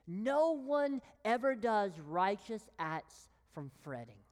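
A woman pastor preaching a sermon with emphatic pauses, sinking to a whisper on key words. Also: lowish voice, expressive, big-room sound. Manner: slow, emphatic delivery with long pauses, dropping to a whisper on key phrases.

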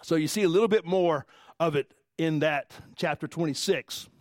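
A man's voice: a little high, moderate pace, dry recording, clean studio sound. A man preaching a casual Bible-teaching sermon, talking conversationally and asking the listeners questions. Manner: conversational, animated, asks the audience questions. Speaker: pastor.

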